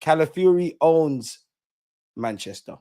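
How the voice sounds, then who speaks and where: A man's voice: on the high side, animated, slow pace, mellow, no echo, studio quality. A young man hosting a live football reaction stream, bantering, mocking rival fans and reading chat aloud. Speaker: football fan channel host.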